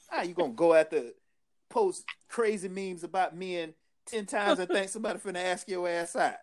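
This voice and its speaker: A man's voice: sits high, moderate pace, long pauses. Emphatic slangy male podcast co-host. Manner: emphatic, preachy, with street slang and frequent laughter. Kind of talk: casual podcast chat.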